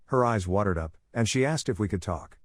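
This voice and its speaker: A man reading a first-person story aloud in steady scripted narration. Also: fairly low pitch, fairly quick, no room sound, studio quality.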